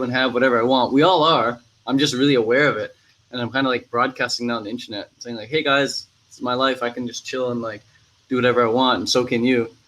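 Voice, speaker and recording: A young man talking in a relaxed, slangy way, filling his speech with "like" and "man" as he shares his thoughts. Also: mid-range voice, low-quality recording. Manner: laid-back, slangy, full of "like" and "man". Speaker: vlogger. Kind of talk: casual chat.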